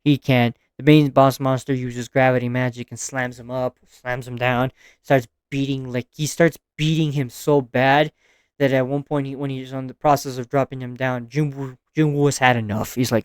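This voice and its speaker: A man reviewing anime episodes in a casual, excitable way, using slang and casual swearing as he recaps the plot. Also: mid-range voice, moderate pace, smooth, no echo, clean studio sound.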